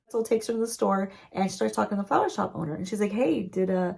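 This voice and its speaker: A woman's voice: medium pitch, fairly even intonation, racing, creaky, a little mellow, breathy edge. A woman, a beauty vlogger, recapping a TV show story-time style while doing her makeup, chatty and playful with asides to the viewers.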